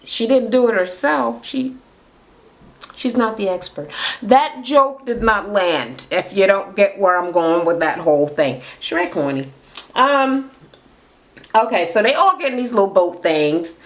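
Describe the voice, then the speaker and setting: Young woman ranting about a reality show, cussing and throwing shade, medium pitch, talking into her camera at home. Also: expressive, unhurried. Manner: sassy, profane, mocking impressions. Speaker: reality TV recap vlogger. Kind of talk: casual recap rant. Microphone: camera mic.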